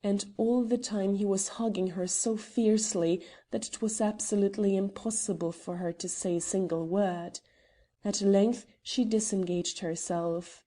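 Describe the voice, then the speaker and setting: A woman narrating a classic mystery novel in an even, measured reading voice. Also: medium pitch. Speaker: audiobook narrator. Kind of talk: audiobook narration.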